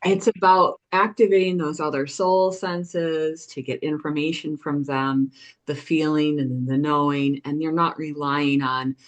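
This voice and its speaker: A woman with a fairly low voice hosts a podcast. She explains her experience as a medium in a relaxed, easygoing way. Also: unhurried. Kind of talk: casual podcast chat.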